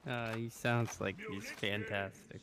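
A man's voice: on the low side, level tone, measured pace, crowd noise. A man playing a video game with a friend, chatting casually with dry, offhand jokes. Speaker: co-player. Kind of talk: casual gaming chat. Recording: game audio and background noise.

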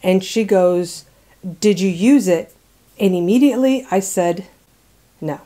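A woman recounts a personal story in a relaxed, conversational way. Her voice sits in a middle pitch and has a warm, mellow tone. She laughs often and slips into soft, hushed asides. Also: unhurried.

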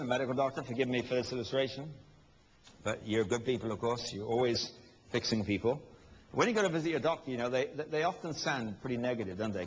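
Man, preacher, sermon, emphatic, rhetorical questions, muffled lo-fi sound, faint hiss. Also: mid-range voice. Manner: emphatic, rhetorical questions, acts out quotes with humor. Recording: dull lo-fi recording with long hall reverb.

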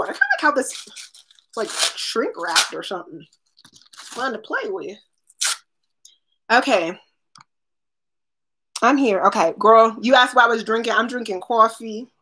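An unboxing vlogger with a somewhat high, slightly bright voice talks on a live stream as she opens products. She's chatty, greets viewers by name, and laughs a lot.

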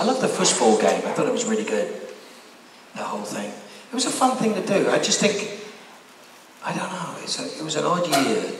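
A man's voice: mid-range voice, creaky, distant mic, heavy background noise. A man, an actor, answering fan questions at a convention panel in a wry, rambling, candid way. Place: large convention hall. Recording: echoey hall heard from afar.

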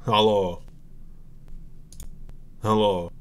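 A man's voice: lowish voice, flat delivery, drawn-out words. A young man streaming live, testing a new microphone and muttering to himself, puzzled and amused. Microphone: new desk microphone, being tested.

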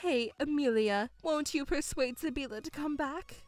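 A woman's voice: high-pitched, normal speed, faint music behind, lightly acted. A woman voicing a self-pitying, controlling middle-aged mother who whines and stammers in outbursts, in a dramatized story. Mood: indignant.

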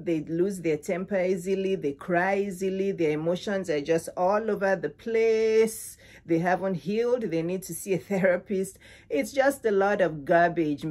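Middle-aged female coach, candid and chatty, punchy repeated lists, light laughs throughout, a touch low-pitched. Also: darkish tone. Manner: frank and candid, laughs often mid-sentence; repeats and stresses words in lists. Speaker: relationship coach. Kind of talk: direct-to-camera advice talk.

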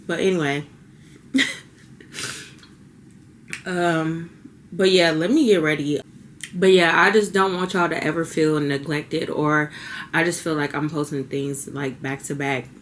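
Young female vlogger, low-pitched, heartfelt and chatty, slightly emotional. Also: slight background noise. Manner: heartfelt, chatty, says y'all. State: a little teary. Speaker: beauty vlogger. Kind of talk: casual vlog talk to camera.

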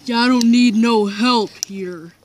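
A woman's voice: on the high side, unhurried, slight background noise, lightly acted. A woman voicing a boastful, threatening evil old grandpa in improvised game role-play, with gloating lines and cackling laughs.

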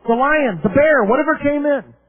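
A man preaches at a conference, telling a story with lively energy and rising to shouts at the climaxes. His voice sits very high for a man. The recording sounds thin and tinny, like a phone line. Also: normal speed, no echo. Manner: animated, acts out the characters' voices, shouts at peaks. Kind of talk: sermon storytelling. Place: conference hall.

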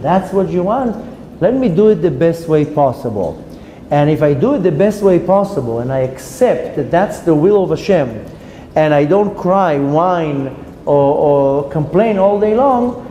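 Rabbi telling stories in a hall. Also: male voice, fairly high pitch. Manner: storytelling, animated, frequent restarts. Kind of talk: Torah class talk with anecdotes. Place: classroom at a women's institute. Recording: roomy hall with faint ambient noise.

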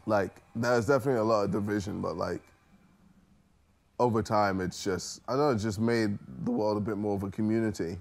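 Gravelly man musing casually. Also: fairly low pitch, steady tone, fairly quick. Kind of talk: casual group chat.

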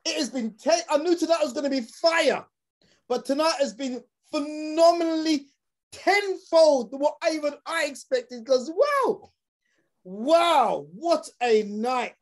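A man's voice: very high voice, animated, slow pace. A man hosting a live online talk, addressing his audience in a rousing, preacher-like way over a video call. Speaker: host. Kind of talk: energetic live show hosting.

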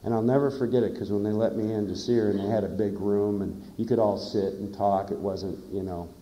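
A man's voice: on the low side, steady tone, a little fast. A middle-aged man giving a plain-spoken, earnest personal testimony at a recovery meeting. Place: conference hall. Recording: echoey dull conference tape.

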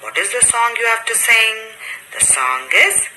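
A woman teacher giving a slow, sing-song recorded lesson to small children. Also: fairly high pitch, expressive, bright, forceful tone, a little hiss or hum, rough recording. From Odisha, India.

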